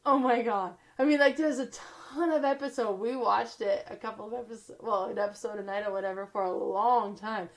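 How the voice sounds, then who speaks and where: A woman's voice: fairly high pitch, a little fast, few pauses. A woman casually reviewing board games, chatty, laughing often and filling her talk with "like" and "you know".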